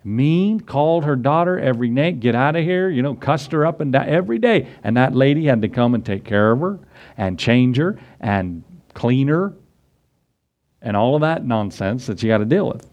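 A man preaching a sermon, emphatic, rising on key points and reading scripture slowly and deliberately. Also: medium pitch, animated, darkish tone, muffled recording. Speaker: pastor.

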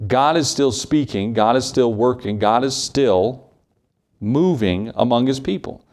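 With an animated, slightly slow delivery, a man preaches in an emphatic pulpit style. His darkish voice sits at a typical middle pitch, and rhetorical questions keep coming as he reinforces his message.

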